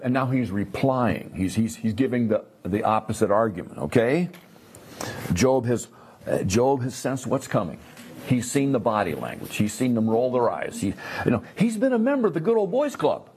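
Animated man teaching a Bible class. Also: medium pitch, normal speed, slight background noise. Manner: animated, acts out characters, repeats words.

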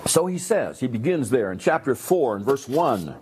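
Male Bible class teacher, very expressive pitch, acts out characters, slight hiss behind. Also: moderate pace. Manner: animated, acts out characters, repeats words.

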